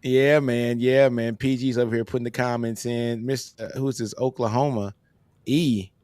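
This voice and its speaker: A man's voice: mid-range voice, steady tone, moderate pace, darkish tone, no echo. A man hosting a sports podcast in a casual, laid-back way, tossing "man" into almost every sentence. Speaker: podcast host.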